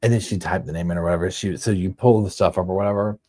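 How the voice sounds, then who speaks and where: Low husky man rambling through a story. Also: fairly even intonation, racing, dark tone, no room sound, clean studio sound. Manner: rambling, full of "like" and "you know". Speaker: livestream host. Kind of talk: casual storytelling chat. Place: home.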